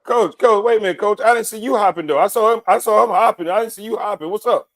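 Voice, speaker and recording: High, quick, teasing man. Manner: teasing, playful, animated. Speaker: co-host. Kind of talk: casual sports talk.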